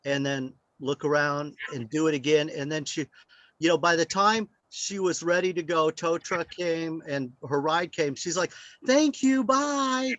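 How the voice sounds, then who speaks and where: Older man, rambling storyteller, slightly high voice, dry close sound. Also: fairly even intonation, moderate pace, fairly bright tone, no echo, dull audio. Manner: rambling, anecdotal, with many fillers. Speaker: guest speaker.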